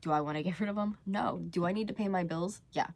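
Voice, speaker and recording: A woman's voice: lowish voice, quick pace, a little mellow, a little hiss or hum. Young woman, rambling live-stream chat. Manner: rambling, candid, with many fillers and restarts. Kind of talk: casual live-stream talk to viewers.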